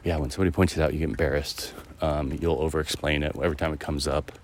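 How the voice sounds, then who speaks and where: Podcast host, man, very deep low voice, loose rambling reflective talk on an outdoor walk. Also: steady tone, fast talker, slight background noise. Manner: rambling, musing, with many fillers and restarts. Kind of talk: casual reflective monologue. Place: outdoors, walking a dog through a neighborhood.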